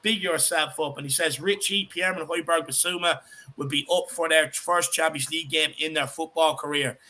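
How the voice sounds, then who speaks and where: An excitable Irish man hosting a casual fan chat, his voice high and bright. He gets carried away, swears freely and reads out viewer comments between points. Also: moderate pace. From Ireland. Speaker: podcast host.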